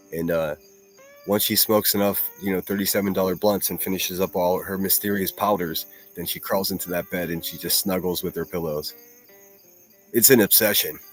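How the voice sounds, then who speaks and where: A man hosting a livestream, chatting casually and mocking clips with frequent laughter and swearing. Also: deep voice. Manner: profane, laughing, rambling mockery. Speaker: livestream host reacting to clips.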